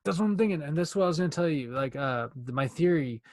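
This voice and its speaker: A young man co-hosting a podcast in casual chat, talking fast and rambling, with plenty of swearing. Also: fairly high pitch, animated, dry recording, clean studio sound. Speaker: podcast co-host.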